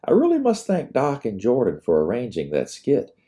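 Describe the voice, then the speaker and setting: A man's voice: medium pitch, huge pitch swings, moderate pace, warm tone, voice pushed up. A man voicing a weary plantation daughter.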